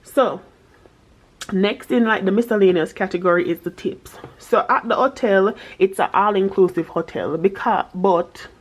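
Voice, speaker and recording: A woman's voice: mid-range voice, moderate pace. A woman with a Jamaican accent chatting casually to camera as a budgeting vlogger, slipping patois into her talk.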